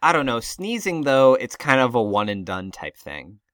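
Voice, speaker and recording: A man's voice: medium pitch, very animated, moderate pace, fairly bright tone, dry recording, clean studio sound. A man co-hosting a casual comedic chat, rambling and self-deprecating. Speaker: podcast co-host.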